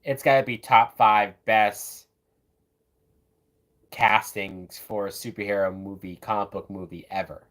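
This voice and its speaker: A man's voice: on the low side, fairly even intonation, unhurried, a bit bright. Chatty man reacting to a movie. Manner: loose, chatty, says "man" and "like" a lot. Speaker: live-watch reviewer. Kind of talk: casual live commentary.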